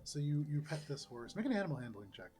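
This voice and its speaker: A man running a tabletop game as game master, narrating scenes in a relaxed, descriptive way. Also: a little high, quick pace. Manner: descriptive, relaxed, laughs often.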